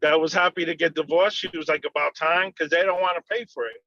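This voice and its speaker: A man's voice: fairly high pitch, fairly even intonation, quick pace, bright, forceful tone, dry recording, lo-fi sound. A laid-back man telling a story in a casual podcast chat over a video call, quoting dialogue.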